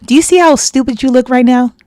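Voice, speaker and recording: A woman's voice: high voice, quick pace, a little mellow, dry recording. A woman hosting a reaction video, giving heated commentary in a confrontational, indignant way and repeating her points for emphasis. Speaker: reaction channel host.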